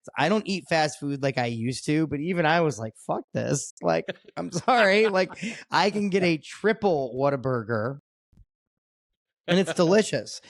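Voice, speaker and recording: Male comedian guest, slightly high voice, profane and quick to laugh, casual storytelling. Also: expressive, no room sound. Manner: laughs often, swears freely.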